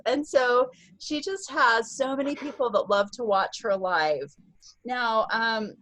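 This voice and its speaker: A woman's voice: a little high, a bit bright, no echo, poor audio. A woman leading a virtual sales-team meeting over a video call, bubbly and upbeat, cheering often. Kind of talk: upbeat online meeting announcements.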